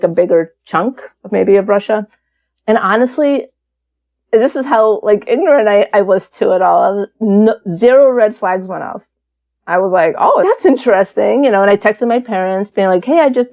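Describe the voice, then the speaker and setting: A woman guest on an interview podcast, telling her story in a casual, candid way with lots of fillers. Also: mid-range voice. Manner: chatty, many fillers, animated and candid.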